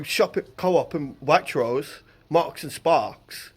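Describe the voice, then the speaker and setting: A man's voice: fairly high pitch, slow pace, few pauses, husky. An angry man ranting and swearing into his phone camera about what his wife saw. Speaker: husband venting on camera. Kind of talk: angry home video rant.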